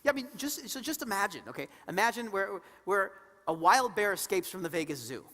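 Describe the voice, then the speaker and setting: A woman co-presenting a live seminar, animated and engaging the audience with questions and acted-out stories. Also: mid-range voice, brisk. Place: conference hall before an audience. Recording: reverberant hall sound.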